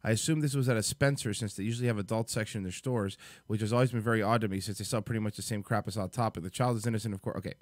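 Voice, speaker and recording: A man's voice: fairly low pitch, fairly even intonation, racing, hardly any pauses, dry recording, clean studio sound. A man hosting a livestream, reacting to clips in rambling, chatty commentary. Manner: rambling, chatty, thinks aloud. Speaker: host.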